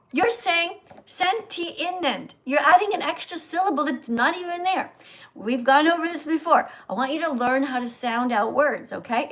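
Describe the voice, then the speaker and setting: An older woman hosting a livestream, lecturing and correcting a reader's pronunciation slowly and sternly. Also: high-pitched, fairly bright tone. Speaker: host, vegan teacher. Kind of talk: livestream reading lesson.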